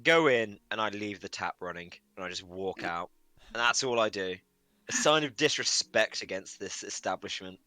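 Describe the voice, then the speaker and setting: A man's voice: fairly low pitch, expressive, normal speed, pushed and bright, dry recording. A man playing in a tabletop game, jokey and blunt in casual chat. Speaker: player.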